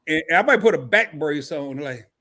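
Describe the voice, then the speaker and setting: A man hosts a casual live stream in a somewhat high voice, animated and joking as he talks straight to his viewers. He sounds sore from a recent fall and swings between loud laughing bursts and quieter asides. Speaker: host.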